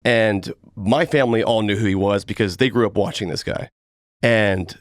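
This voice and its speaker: Enthusiastic young host, low dry voice. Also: male voice, moderate pace, dry recording. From Atlanta, US. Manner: enthusiastic and laughs easily. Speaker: podcast host. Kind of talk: casual podcast intro and chat.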